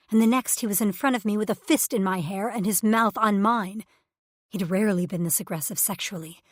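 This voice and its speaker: A woman's voice: medium pitch, no room sound, clean studio sound. Woman narrating a first-person romance. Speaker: audiobook narrator.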